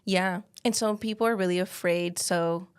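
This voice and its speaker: A woman's voice: fairly low pitch, steady tone, normal speed, smooth. A woman working as a realtor, chatting as an interview guest and telling stories with lots of "like" fillers. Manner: chatty storytelling with frequent "like" fillers. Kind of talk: casual interview talk.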